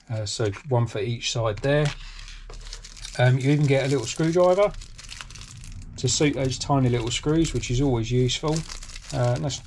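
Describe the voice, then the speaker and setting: A man's voice: mid-range voice, darkish tone, slight background noise. A British man hosting a hobby channel, talking casually through an unboxing with lots of ums and restarts. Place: home workshop.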